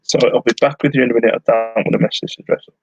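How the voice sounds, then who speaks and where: A man's voice: medium pitch, steady tone, racing, vocal fry, muffled recording. A man chatting casually on a live stream while packing orders at home and humming to himself. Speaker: online reseller streaming live. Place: at home, indoors.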